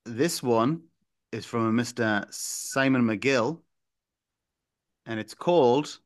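A man co-hosting a podcast, reading a listener's comic story aloud in a deadpan way and breaking into chuckles. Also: mid-range voice, slow pace, pauses often.

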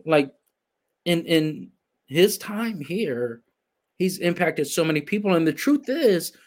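Reflective male host, slightly higher voice. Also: animated. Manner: reflective, halting, many restarts. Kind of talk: interview conversation, livestream.

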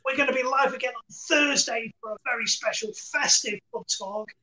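A man's voice: very high-pitched, moderate pace, sharp tone. Playful man, echoey room. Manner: playful, giggly. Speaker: co-host and stream producer. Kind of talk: casual chat.

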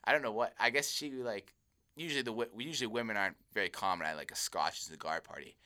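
A man's voice: lowish voice, fast talker, pushed and bright, smooth. A young man co-hosting a podcast, telling rambling stories in casual chat and laughing often. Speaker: podcast co-host.

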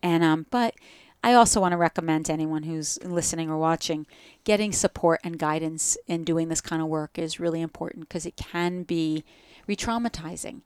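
Smooth-voiced woman with a New Jersey accent. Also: deep voice, moderate pace, few pauses, a little mellow, dry recording. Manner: reflective, spiritual, talks in metaphors. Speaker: guest. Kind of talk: casual podcast conversation.

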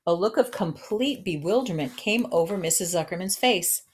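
A woman narrating a children's novel aloud in a gentle, expressive storytelling manner. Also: fairly low pitch, moderate pace, breathy edge.

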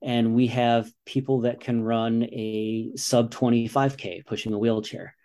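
A man's voice: mid-range voice, flat delivery, measured pace, mellow. A man in his forties, an American father and runner, talking earnestly in a casual interview and often saying "you know". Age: 40s.

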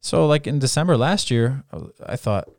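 A man's voice: medium pitch, normal speed, dry recording, studio quality. A man in his thirties chatting casually, telling stories and acting out quoted lines with energy. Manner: animated storyteller, acts out quoted lines. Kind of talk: casual chat.

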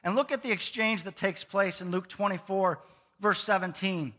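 A man preaching a sermon as pastor of a church, lively and conversational, with playful asides to the congregation. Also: high-pitched, moderate pace. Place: church sanctuary. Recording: long reverb of a church hall.

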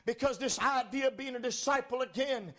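A male preacher with a very high voice delivers a fervent sermon. He leans on "uh" fillers between phrases and builds up to shouting at the peaks. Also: fairly quick.

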